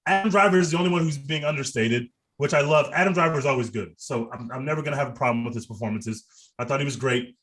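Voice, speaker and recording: A man's voice: medium pitch, quick pace, fairly bright tone. A man co-hosting a podcast, reviewing a movie in casual, profane and enthusiastic chat. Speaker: podcast co-host.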